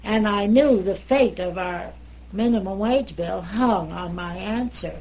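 A woman's voice: medium pitch, a little slow, slight background noise, rough recording. Older woman telling a wry memory. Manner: lively and wry, acts out dialogue. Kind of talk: oral history storytelling.

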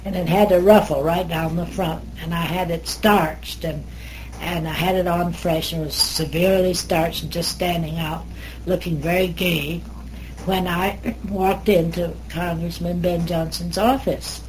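Older woman, low-pitched, wry oral-history storyteller, takes her time. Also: measured pace, a little hiss or hum, rough recording. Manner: lively and wry, acts out dialogue.

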